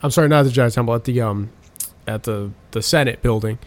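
A man's voice: mid-range voice, fast. A man in casual chat, animatedly retelling film scenes with lots of swearing and filler. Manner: profane, rambling storytelling.

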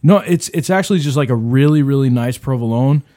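A man's voice: medium pitch, fairly quick, dark tone. A man co-hosting a casual podcast, telling a rambling, profane story. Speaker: podcast co-host.

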